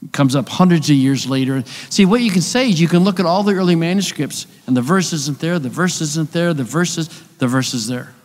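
A man with a fairly high voice speaks quickly and barely pauses, giving a conversational conference lecture on biblical texts in a church hall. He explains through rhetorical questions and asides, and the recording carries a long hall reverb.

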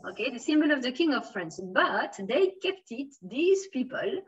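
In an online class, a Swiss woman with a fairly high voice teaches French to beginners at a normal speed, very animated throughout. She mixes English and French, uses plenty of fillers and praises her students. Her voice comes across slightly distant and dull, as though recorded from across a room.

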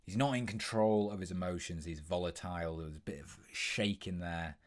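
A young man talks through an impressions tutorial in a brisk, instructive manner, pausing now and then with an um. His voice is low and even. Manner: brisk, instructive, with frequent ums. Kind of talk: tutorial explanation.

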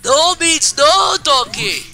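A man voicing a big male cartoon ogre who scolds and preaches in shouts. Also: very high voice, lively intonation, takes it slowly, faint music behind, pitched above the performer's own voice, exaggerated voice. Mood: scolding.

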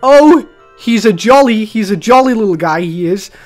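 A man giving chatty, excitable live commentary while he plays a video game as a streamer. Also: high voice, normal speed, soft background music. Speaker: gaming streamer.

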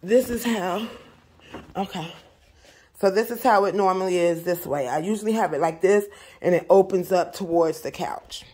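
A young woman talks casually to her audience from her home, chatty and animated. Her voice sits a little low for a woman. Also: normal speed, breathy edge. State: out of breath in places. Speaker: vlogger. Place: home, indoors.

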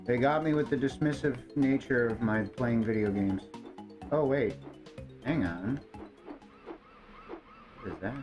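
A man's voice: mid-range voice, measured pace, pauses often, music in the background. A man streaming a video game, chatting casually and muttering to himself and his pets as he plays. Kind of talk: casual gameplay commentary.

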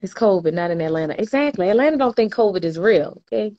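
A woman's voice: medium pitch, animated, quick pace, dark tone, dull audio. A woman, chatting casually on a livestream and reading viewer comments aloud with slangy laughter. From New Orleans, US. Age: 20s. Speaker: livestream host.

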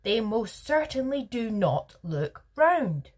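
A woman reading aloud puts on a spoiled little girl who argues back at every turn. The voice sits far above her own and whines. A husky, breathy grain stays underneath. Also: mid-range voice, wildly swooping pitch, slow pace, dark tone, voice pushed up, exaggerated voice. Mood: petulant. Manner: whiny and argumentative. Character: spoiled demanding young girl. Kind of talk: storybook read-aloud.

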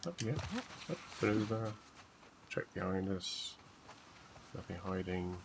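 A man's voice: sits low, slow, creaky, noisy background. A British man chatting to himself while playing a video game and reading in-game notes aloud. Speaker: gamer streamer. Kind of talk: let's play commentary, reading journal aloud.

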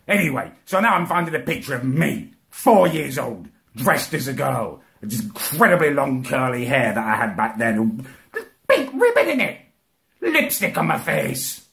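A man ranting for comedy, full of indignation and swearing. His pitch leaps all over the place, from low muttering grumbles up to shrill outraged peaks, at a mid-range base. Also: animated, normal speed, creaky, hardly any pauses, bright, forceful tone. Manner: indignant, swearing, voice climbs high when outraged. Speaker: comedy ranter. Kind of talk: comic rant monologue.

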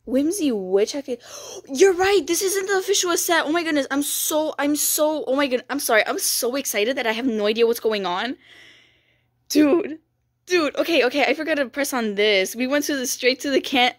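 A young woman giving excited game walkthrough commentary, gushing and gasping and repeating "dude" and "bro". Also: high-pitched, moderate pace, dry recording, studio quality. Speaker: gaming video creator.

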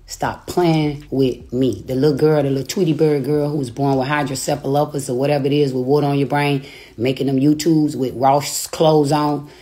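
This woman's voice is deep and dark, with little pitch movement and a brisk pace. She's on a phone livestream at home in a rented house, taunting someone through a profane rant and laughing between her insults.

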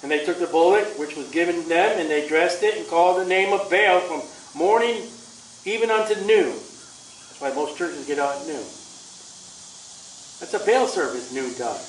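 A man preaching a sermon in a combative, sarcastic way, his delivery swinging from loud to soft. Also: a little high, normal speed, slight background noise. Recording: echoey room from far off.

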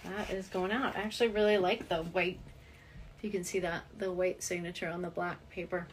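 A woman's voice: lowish voice, steady tone, fairly quick, slight background noise. A middle-aged woman, a voice actress, chatting casually on a live stream while signing autographs and reading viewer comments aloud.

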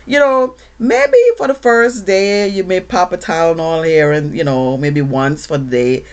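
Animated woman, low-ish voice, chatty beauty vlog talk. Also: measured pace, dull audio. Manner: animated, lively, with lots of fillers. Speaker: beauty vlogger. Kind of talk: casual chatty storytelling to camera.

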